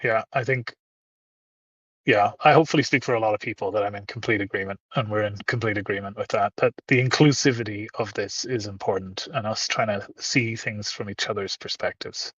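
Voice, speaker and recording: A man's voice: on the low side, fairly quick, fairly bright tone, husky, dry recording, highs cut off. A man hosting a casual live-streamed chat, upbeat and effusive. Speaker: host.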